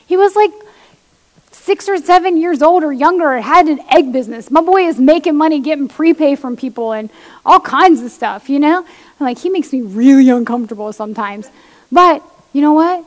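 A woman, a pastor's wife, giving an animated testimony sermon to women and acting out quoted voices as she tells stories. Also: high-pitched, moderate pace. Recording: long hall reverb.

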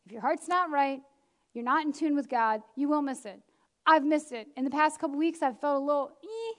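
A woman preacher giving a lively, chatty sermon with self-deprecating asides. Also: high-pitched, fairly quick. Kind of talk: conversational sermon.

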